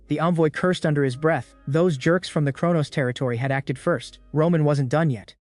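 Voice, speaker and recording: A man narrates a story recap from a script in an even storytelling manner. His voice sits fairly high. The recording is dry and close. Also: normal speed, few pauses, no room sound, soft background music.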